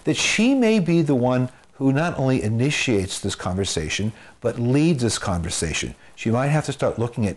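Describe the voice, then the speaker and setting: This man, a marriage and family therapist, speaks in a mid-range voice at normal speed and is very animated. He gives earnest advice to the camera, repeating phrases for emphasis and drawing homespun comparisons from everyday life.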